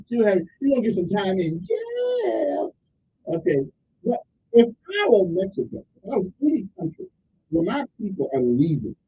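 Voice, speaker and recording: Rambling folksy radio host, lively high voice. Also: male voice, muffled recording, a little hiss or hum. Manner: folksy, rambling and opinionated, with many restarts. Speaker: radio talk show host. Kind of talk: casual call-in radio commentary.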